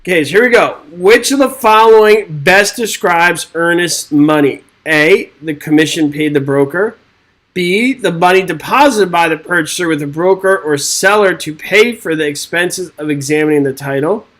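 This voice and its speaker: A man's voice: fairly high pitch, moderate pace, a bit bright, poor audio. A man teaching a live exam-prep webinar, reading quiz questions aloud and joking with the chat in an upbeat way. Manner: upbeat, jokey, reads quiz questions and chats with viewers. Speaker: real estate exam instructor.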